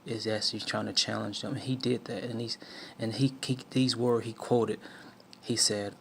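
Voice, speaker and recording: A man from the southern United States tells a story of faith in a gravelly voice with a bright edge. He talks haltingly, full of fillers and restarts, and stays in a fairly flat pitch. A faint hiss sits under the recording. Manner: storytelling with many restarts and fillers, acts out quotes. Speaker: speaker sharing a life lesson. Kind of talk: personal testimony, preaching tone.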